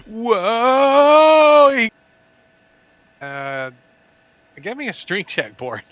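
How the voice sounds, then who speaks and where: A man narrating as dungeon master, animated and throwing in sound effects. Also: mid-range voice, takes it slowly, no echo, dull audio. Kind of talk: narrating a tabletop game.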